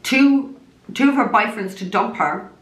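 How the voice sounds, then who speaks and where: A woman's voice: on the high side, a little slow. Heated Irish woman ranting, roomy echo. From Ireland. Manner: heated, swears heavily, blunt. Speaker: psychic medium. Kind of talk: angry direct-to-camera rant.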